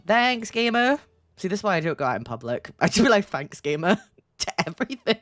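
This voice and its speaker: Giggly low-voiced woman streamer. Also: sing-song, very fast, faint music behind. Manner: giggly, playful, teasing. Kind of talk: casual commentary while reading a game aloud.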